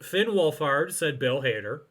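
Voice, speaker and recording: A man co-hosting a podcast, casually reading out movie trivia with lots of "uh"s and pauses. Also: a little high, expressive, a bit bright. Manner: hesitant, many fillers. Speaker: podcast co-host.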